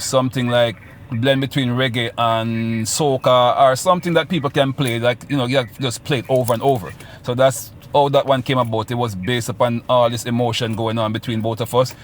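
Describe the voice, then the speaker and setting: A man's voice: mid-range voice, a little hiss or hum. A Jamaican man in his forties, a musician guest talking casually in a radio interview. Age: 40s.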